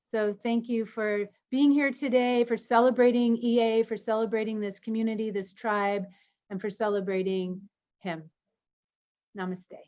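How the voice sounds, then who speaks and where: A woman with a fairly high voice tells a personal story to an online group. She is animated and laughs along the way. Her voice comes through slightly muffled video call audio. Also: moderate pace. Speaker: co-host of an online community meeting.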